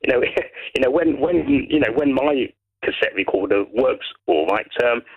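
A man from Brighton calling in to a radio show, chatting in a hesitant, rambling way and often repeating words. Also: mid-range voice, lively intonation, normal speed, breathy edge. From Brighton, England. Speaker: caller. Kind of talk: phone-in chat. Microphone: telephone. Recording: muffled phone line.

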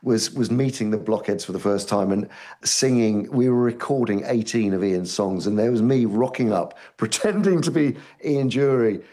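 A male actor chats as a guest on a radio interview, his voice a little low. He tells his stories with animation, often breaking off and restarting mid-sentence. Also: moderate pace. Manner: animated storytelling with frequent restarts.

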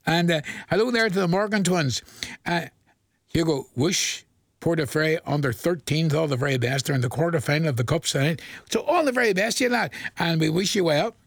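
A man's voice: on the high side, lively intonation, a little fast, gravelly, no echo, studio quality. A man presenting a country music request show on the radio, chatty and rambling, laughing at his own jokes. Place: radio studio. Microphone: studio mic.

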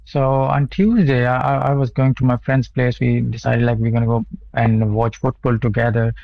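Halting young man calling in, muffled line. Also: mid-range voice, fairly even intonation, gravelly, no room sound. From South Asia. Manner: halting, many repeated words and fillers. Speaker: caller. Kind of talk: phone-in radio call, personal account.

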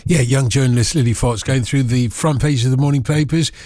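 A man's voice: medium pitch, fairly even intonation, fairly quick, a little mellow, no room sound. Man, radio presenter, chatty, teasing, anecdotal, dry close studio mic. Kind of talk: casual radio chat.

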